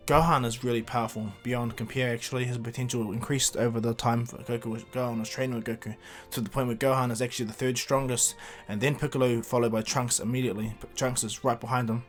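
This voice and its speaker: A man retells a cartoon story in a casual, rambling way, stumbling through fillers and restarts. His voice sits in an ordinary middle pitch. Faint music plays underneath.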